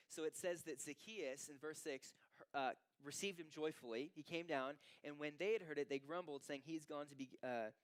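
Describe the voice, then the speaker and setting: A man preaches to his congregation in a lively, conversational way, dropping into casual asides. His voice sits a little high and sounds smooth and resonant. The recording is dry and close, with little room sound. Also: dry recording. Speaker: pastor. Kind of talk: sermon. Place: church sanctuary.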